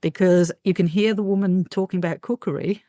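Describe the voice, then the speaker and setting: A woman paranormal investigator, telling lively anecdotes as a guest, acting out quotes and laughing often. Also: lowish voice, a little fast, dry recording, clean studio sound. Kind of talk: animated storytelling in an interview.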